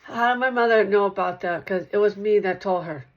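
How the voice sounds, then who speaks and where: Soft, rambling woman on a dull recording. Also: medium pitch, brisk, slight background noise. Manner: repetitive, circling back over the same points, soft-spoken. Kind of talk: rambling spoken monologue to one listener.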